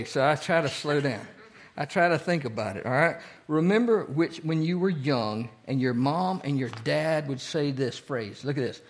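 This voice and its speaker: A man with a slightly higher voice leads a casual, interactive Bible study. He keeps quizzing his group with fill-in-the-blank questions. His speech quickens whenever he gets excited. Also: slight background noise. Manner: speeds up when excited.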